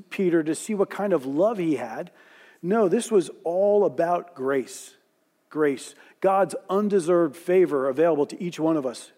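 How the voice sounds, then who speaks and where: A man telling a Bible story in a sermon, slowing and softening when he voices quoted lines. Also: fairly high pitch. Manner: storytelling, voicing quoted lines softly and slowly. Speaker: preacher. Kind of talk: sermon narration.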